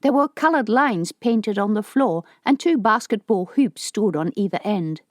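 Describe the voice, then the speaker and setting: A woman narrating a science fiction audiobook in a steady, even storytelling voice. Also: mid-range voice, unhurried, no room sound, clean studio sound.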